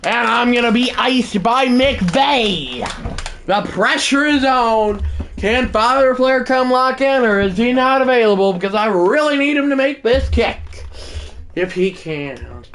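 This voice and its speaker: A man giving excited play-by-play commentary over a football video game, calling it like a sportscaster and shouting on the big plays. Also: very high voice, moderate pace. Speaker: gaming channel host.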